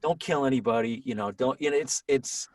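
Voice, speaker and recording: A man's voice: medium pitch, a little fast, no echo. Rambling man in his thirties, dry distant sound. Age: 30s. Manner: rambling, frequent restarts and self-interruptions. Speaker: podcast guest, voiceover actor. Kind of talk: casual conversation.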